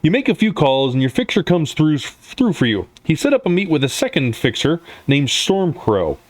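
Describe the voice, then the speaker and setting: A man's voice: fairly high pitch, big pitch swings, moderate pace, no echo. A man narrating a tabletop role-playing game as game master, in a loose way with frequent fillers. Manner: loose, many fillers and restarts, laughs easily.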